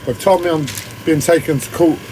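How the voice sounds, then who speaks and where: Brief: man ranting on a stream, whiny and strained, slightly high voice, faint noise behind. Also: steady tone, brisk, dark tone, rough recording. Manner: agitated, heavy swearing, rambling. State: strained throat. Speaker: livestreamer. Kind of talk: ranting monologue.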